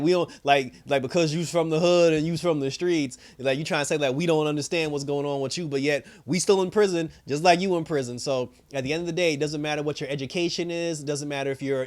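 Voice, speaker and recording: A man's voice: on the high side, fast, few pauses. A man giving a casual, rambling recap of a TV episode. He fills his talk with "you know" and "like", laughs often and acts out the characters' lines. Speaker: TV review host.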